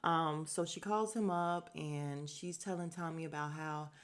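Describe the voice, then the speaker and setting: Woman, podcast host, lowish voice, casual show recap, blunt and opinionated, salty language. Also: steady tone. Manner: blunt, opinionated, swears freely; acts out cast members' lines in quick asides.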